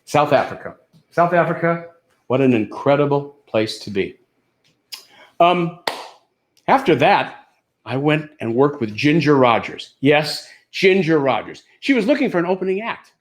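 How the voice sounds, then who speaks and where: A man's voice: fairly high pitch, measured pace. Older guy doing standup stories, bouncy voice, lots of ups and downs. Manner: animated, anecdotal, punchline-driven. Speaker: comedian. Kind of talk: stand-up storytelling.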